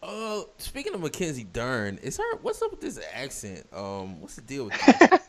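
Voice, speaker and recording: Blunt man with a lively voice. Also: medium pitch, normal speed. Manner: blunt, crude, throws out questions. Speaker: podcast host. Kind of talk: casual podcast chat.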